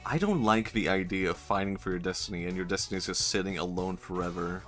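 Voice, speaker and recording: A man's voice: deep voice, fast, a bit bright, faint music behind. A male streamer giving casual, joking commentary while playing a game, laughing often and swearing freely.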